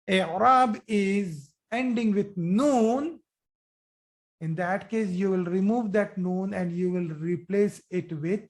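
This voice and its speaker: A teacher giving a live online grammar lesson, explaining slowly and repeating forms, checking with students by asking questions. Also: female voice, mid-range voice, a little mellow. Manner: slow, repetitive explaining, asks students questions.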